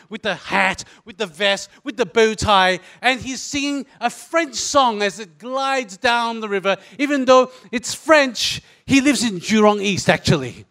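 Bright high-voiced Singaporean man telling a comic story. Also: clear, resonant tone. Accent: Singaporean English. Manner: animated, switches into character voices. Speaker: comedic storyteller.

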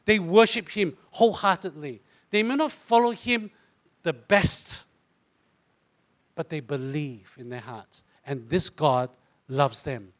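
A middle-aged pastor with a Singaporean English accent, preaching a sermon and acting out quoted voices. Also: male voice, fairly high pitch, slow. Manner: animated, mimics voices in asides.

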